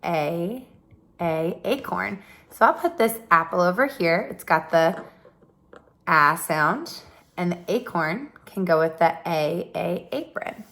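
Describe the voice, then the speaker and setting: A woman teaching a pre-K phonics lesson, gently sounding out letters and words with exaggerated repetition. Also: lowish voice, expressive, measured pace, echoey room. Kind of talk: slow early-childhood phonics lesson.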